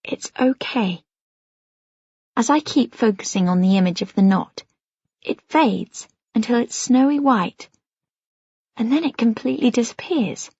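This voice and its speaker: A woman with a husky, breathy voice narrates a first-person novel as an audiobook, gentle and even. The recording is dry and close, with a slightly dull, muffled tone. It sounds like a plain studio read. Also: a little high, normal speed, dry recording.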